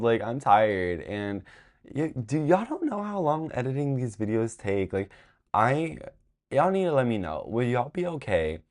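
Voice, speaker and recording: A young man with a low, mellow voice hosts a chatty vlog. He sounds worn out, yet he keeps flipping from drained, flat sighs to sudden excited squeals as he dishes like gossip. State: tired. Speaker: vlog host.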